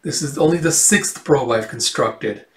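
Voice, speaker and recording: A man's voice: mid-range voice, moderate pace, natural voice. A man voicing a fussy, curmudgeonly old male robot who speaks stiffly and precisely. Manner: formal, precise wording. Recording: roomy echo, distant from the mic.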